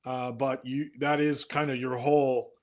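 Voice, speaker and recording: A man voicing an aggrieved lone astronaut in an improvised comedy scene, complaining in a low, halting voice. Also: flat delivery, natural voice.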